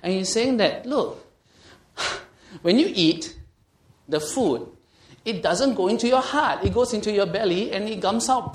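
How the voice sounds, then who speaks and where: A man's voice: high-pitched, measured pace. A man teaching a Bible study, reading scripture aloud and questioning his listeners, growing emphatic as he explains. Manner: asks the group questions, reads scripture aloud; grows animated and emphatic, stretching key words. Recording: echoey room.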